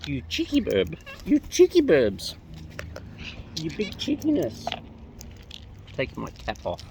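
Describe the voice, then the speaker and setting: A woman outdoors chatting playfully to wild birds, her greetings jumping into squeaky high hellos, recorded on a phone. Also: wildly swooping pitch, slow, darkish tone, slight background noise. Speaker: vlogger feeding wild birds. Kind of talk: casual chat to birds. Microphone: phone camera.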